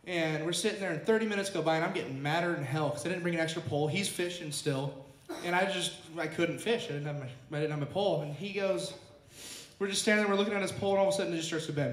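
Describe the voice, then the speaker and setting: Young man, high-pitched storyteller, crude and animated, roomy echo. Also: quick pace. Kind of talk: storytelling to a live audience. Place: roomy clubhouse. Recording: echoey room.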